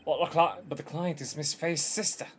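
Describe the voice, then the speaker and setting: Man doing a young male lawyer, earnest, hesitant, stammers, soft-spoken. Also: on the high side, normal speed, a little hiss or hum, lightly acted. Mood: pleading.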